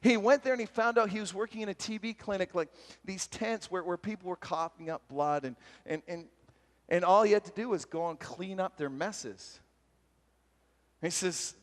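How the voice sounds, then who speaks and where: A man giving a retreat sermon, telling a story and acting out its voices with lively energy. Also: high voice, normal speed. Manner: animated, acts out voices in stories. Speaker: retreat speaker. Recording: long hall reverb.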